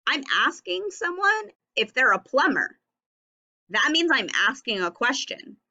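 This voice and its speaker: A woman teaching a recorded phonics and punctuation lesson for young children, speaking slowly and enunciating each word and sound clearly. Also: sits high, very animated, pushed and bright, highs cut off.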